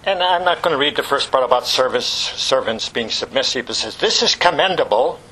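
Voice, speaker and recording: Impassioned preacher man with a bright voice. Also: medium pitch, expressive, a little fast, husky, poor audio. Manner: impassioned, swings from loud exclamations to hushed whispers; repetitive, rhetorical questions to the congregation. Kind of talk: sermon.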